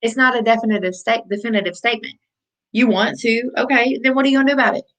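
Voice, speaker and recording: A woman's voice: fairly high pitch, steady tone, quick pace, a bit bright, rough recording. A woman life coach giving a motivational talk, speaking conversationally and repeating phrases for emphasis.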